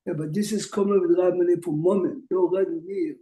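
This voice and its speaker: A man in a Talmud study session who reads the Hebrew text in rapid singsong bursts, hesitating and repeating words as he checks his understanding. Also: sits high, fairly even intonation, mellow, reverberant, low-quality recording. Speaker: study partner.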